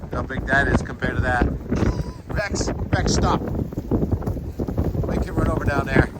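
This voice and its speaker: A man's voice: medium pitch, lively intonation, takes it slowly, long pauses. A man who is a meteorologist, talking casually while walking his dog outdoors, narrating the sky and chatting to his pet. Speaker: meteorologist and vlog host. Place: outdoors on a windy coast. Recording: loud wind noise on the mic. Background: wind.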